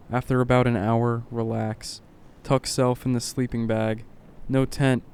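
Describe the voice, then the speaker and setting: A man reading a horror story aloud in short clipped lines, keeping his voice low and subdued. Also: a little mellow, a little hiss or hum. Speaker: narrator.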